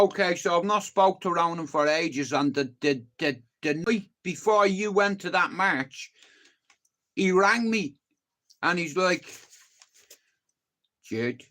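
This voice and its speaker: A man's voice: fairly high pitch, pushed and bright. Swearing Dublin man on a livestream. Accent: Dublin Irish. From Dublin, Ireland. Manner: swearing, rambling, slangy. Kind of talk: casual livestream chat to viewers.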